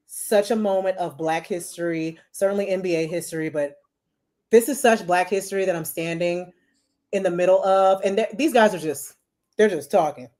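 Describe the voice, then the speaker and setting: A woman's voice: mid-range voice, moderate pace. A woman in her forties, a marketing executive telling stories as a podcast guest, chatty and full of "you know". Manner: chatty, animated, many "you know" fillers. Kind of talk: casual storytelling interview.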